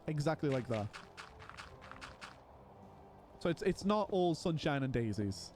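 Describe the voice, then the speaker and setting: A man's voice: a little high, big pitch swings, a little fast, a little mellow, slight background noise. A man chatting casually while streaming a game, rambling with frequent restarts. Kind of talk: casual live-stream chat while playing.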